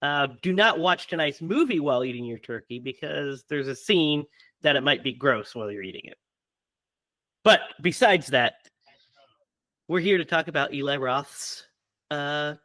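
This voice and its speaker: A man's voice: on the high side, fairly bright tone, no room sound. Chatty man hosting a horror podcast. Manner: chatty, laughs often, stumbles with fillers. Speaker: podcast host. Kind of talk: casual podcast chat.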